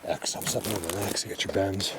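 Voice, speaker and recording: Low-voiced man, breathless on a forest climb. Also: fairly even intonation, fast talker, background noise. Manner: rambling, restarts often, talks to viewers. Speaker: vlogger exploring woods. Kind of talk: casual walking vlog narration. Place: outdoors in a steep forest.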